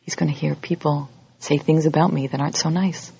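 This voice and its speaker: A religious teacher giving a holiday sermon to a congregation, lively and acting out everyday scenes in other voices. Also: mid-range voice, a little fast, vocal fry, breathy edge, muffled recording.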